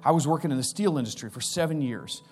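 A man in his forties preaching a sermon as pastor, energetic and acting out the voices he quotes. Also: fairly high pitch, fast talker.

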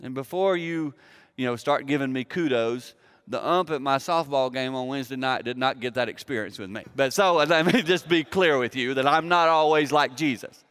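A pastor delivers a sermon in a mid-range male voice at a normal pace, slightly bright and clean, with the sound of a large room around him. He tells a personal story conversationally and acts out the quoted dialogue.

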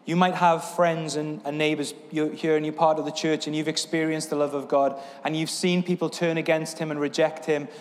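A man's voice: fairly high pitch, flat delivery, brisk, few pauses, big-room sound, slight background noise. A man preaching a sermon as pastor, earnest, with a repetitive, building cadence. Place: church sanctuary.

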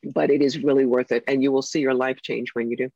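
A woman psychic and author telling stories in a casual interview, animated and acting out the voices of the people she quotes. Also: extremely low pitch, fast, no echo. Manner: animated storyteller who acts out quoted voices. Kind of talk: casual interview talk, storytelling. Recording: dull lo-fi recording.

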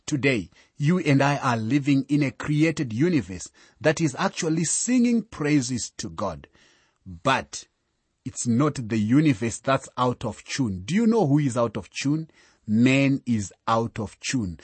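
Slow, husky-voiced male preacher. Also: medium pitch, no room sound. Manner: measured, emphatic preaching with rising and falling emphasis. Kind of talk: sermon.

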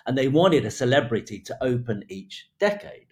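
Man telling a lively story. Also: mid-range voice, normal speed. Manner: lively storyteller, laughs between phrases, acts out quotes. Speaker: hairdressing creative director. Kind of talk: telling an anecdote in an interview.

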